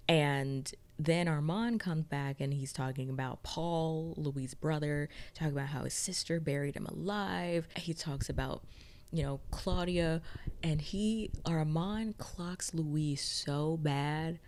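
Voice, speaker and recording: Low-voiced woman chatting through a TV recap. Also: takes it slowly, a little mellow. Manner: chatty, dramatic retellings with playful exclamations. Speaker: TV recap reviewer. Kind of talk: casual chat recap.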